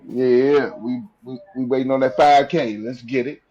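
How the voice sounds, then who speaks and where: A man co-hosts a podcast in an earnest, steady voice, often restarting his sentences. His mic sounds dull and muffled. A faint hiss sits behind him. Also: medium pitch, moderate pace. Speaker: podcast co-host. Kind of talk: casual podcast chat.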